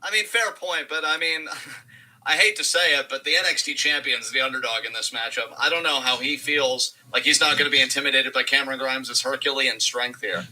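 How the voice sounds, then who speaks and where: Very bright, sarcastic mock-commentator man. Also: mid-range voice, a little fast, rough recording. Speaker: co-host of a wrestling watch-along. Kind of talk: casual live reaction chat.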